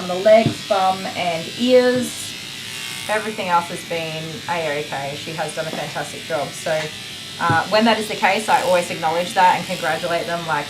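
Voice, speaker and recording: A woman's voice: lowish voice, noisy background. An Australian woman in her thirties, a dog groomer chatting casually and rambling with frequent laughs while she works. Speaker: dog groomer streaming live. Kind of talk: casual chat while working. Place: grooming salon. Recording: echoey room with loud clipper buzz.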